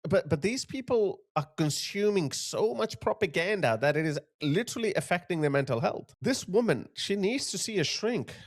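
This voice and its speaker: A man giving mocking reaction commentary on clips, now and then mimicking people he mocks. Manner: scornful, mocking, mimics others in a high voice. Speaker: political commentator.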